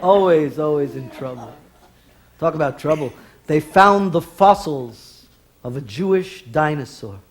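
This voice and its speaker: A man's voice: a little high, lively intonation, a little slow. A man from the Bronx telling wry comic stories on stage with Yiddish words mixed in. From New York, the Bronx. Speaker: comedian and stage performer. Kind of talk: live stage comedy storytelling. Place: stage in a TV studio before a live audience.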